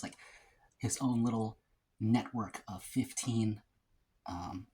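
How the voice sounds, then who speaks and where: A man's voice: medium pitch, darkish tone, husky. A man who runs a food vlog, chatting casually and rambling through a story between bites of his meal. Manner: casual slang, frequent fillers and restarts. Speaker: mukbang vlogger. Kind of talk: casual storytelling while eating.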